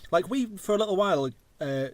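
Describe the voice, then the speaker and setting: A man's voice: high voice, animated, brisk, no room sound. An English man in his thirties hosting a casual podcast chat, rambling and going off on tangents, swearing freely. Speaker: podcast host.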